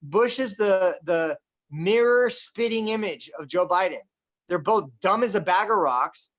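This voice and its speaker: A man hosting a casual political chat, talking in a boisterous, loud and animated way. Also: high-pitched, unhurried. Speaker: podcast host. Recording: dull lo-fi recording.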